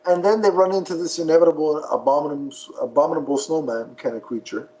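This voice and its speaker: Guy on a podcast rambling thru a cartoon recap, kinda high voice. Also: fast talker, low-quality recording. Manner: rambling animated retelling. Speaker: podcast co-host. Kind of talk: casual chat.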